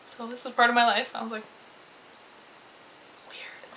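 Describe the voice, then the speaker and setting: A young woman vlogger telling a story from her day in a chatty, animated way, acting out what people said. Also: on the high side, poor audio. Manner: chatty, animated retelling with swearing and quoted voices. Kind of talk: casual storytelling vlog.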